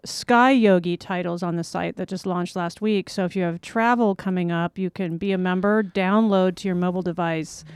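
A woman's voice: fairly low pitch, steady tone, normal speed, few pauses, clear, resonant tone, no room sound. A woman guest in a casual podcast interview, upbeat and promotional as she talks about her business. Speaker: guest, entrepreneur.

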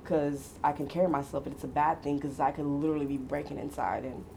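A middle-aged woman chatting casually as a guest, telling animated stories, quoting people and laughing often. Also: low voice, fast talker, gravelly, slight background noise. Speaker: guest mother. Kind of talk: casual conversation.

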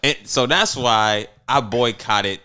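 A young man co-hosting a casual chat, telling stories in relaxed slang and laughing easily. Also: mid-range voice, slow, smooth.

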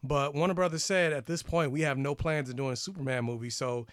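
A chatty young man on a podcast, speaking loosely and peppering his talk with "like". His voice sits a little high. The recording is dry and close. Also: fairly even intonation, brisk, clear, resonant tone, no echo. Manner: chatty, retells scenes, hedges with "like". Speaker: podcast co-host. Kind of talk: casual chat about superhero movies.

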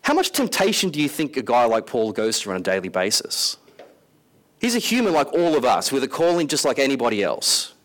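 A man preaching a casual sermon in an animated, conversational way, acting out scenes with voices. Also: mid-range voice, brisk.

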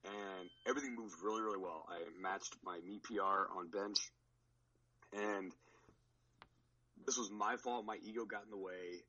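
A man's voice: fairly low pitch, unhurried, pauses often, pushed and bright, muffled recording. A man on a podcast recounting his powerlifting meet in a rambling, casual way, with many restarts. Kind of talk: casual chat.

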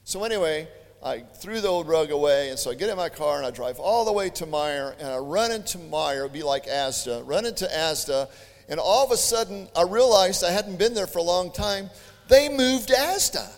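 A man preaching a sermon, telling stories in an animated, chatty way with joking asides. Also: on the high side, brisk. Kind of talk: storytelling sermon. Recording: long hall reverb.

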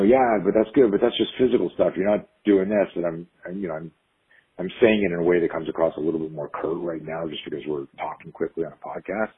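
Husky deep-voiced man telling stories. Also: narrow, tinny audio. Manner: animated, acts out quotes in stories, frequent restarts and swearing. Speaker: self-defense instructor, podcast guest. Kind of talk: conversational storytelling.

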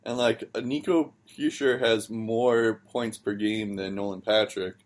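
A man's voice: lowish voice, fairly even intonation, measured pace. A man co-hosting a hockey podcast, chatting loosely with lots of ums and likes. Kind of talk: casual chat.

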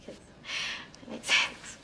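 A woman playing an auditioning actress in a comedy sketch, speaking in a hesitant, halting way. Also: bright, forceful tone, slight background noise, rough recording.

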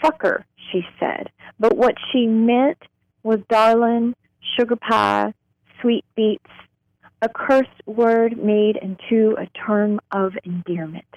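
Slow, deliberate woman poet reading. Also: fairly high pitch, steady tone, a little mellow, no room sound, highs cut off. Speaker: poet guest. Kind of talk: poetry reading on radio. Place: radio studio.

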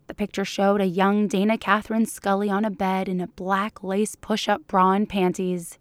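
A woman reading fan fiction aloud for a podcast in a measured, unhurried way. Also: medium pitch, level tone, no echo. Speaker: podcast reader.

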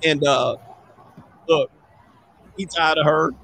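A man's voice: a little high, steady tone, takes it slowly, vocal fry, fairly bright tone, slight background noise. A middle-aged man, a dating coach, doing slangy, joking live reaction commentary with laughing asides.

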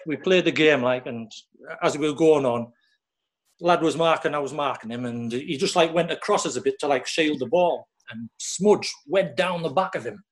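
A rambling man with a slightly high voice. He talks in a loose, casual way, with filler words at every turn. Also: normal speed. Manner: rambling, lots of "like" and "you know". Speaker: former footballer guest. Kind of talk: casual anecdote telling.

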